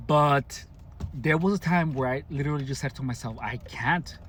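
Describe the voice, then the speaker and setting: Halting man telling a personal story. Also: on the high side, fairly bright tone, slight background noise. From Mexicali, Mexico. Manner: halting, many restarts and fillers, deliberate enunciation. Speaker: vlogger. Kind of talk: casual personal account to camera.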